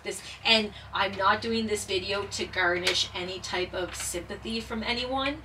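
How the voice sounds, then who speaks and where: Earnest bright-voiced woman, near tears. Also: medium pitch, recorded from a distance, slight background noise, poor audio. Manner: earnest, halting, many fillers and restarts. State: holding back tears. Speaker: puzzle vlogger and former paramedic. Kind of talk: casual personal talk while doing a jigsaw puzzle.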